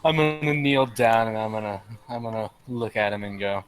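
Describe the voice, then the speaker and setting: A man playing a tabletop game, speaking in a measured, polite way as his character. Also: on the low side. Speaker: player. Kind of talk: tabletop role-play.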